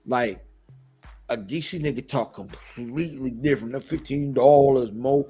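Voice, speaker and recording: A man co-hosting a podcast in casual chat, animated, his voice jumping up when excited and repeating words as he goes. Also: medium pitch, moderate pace, breathy edge, faint music behind. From Baltimore area. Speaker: podcast co-host.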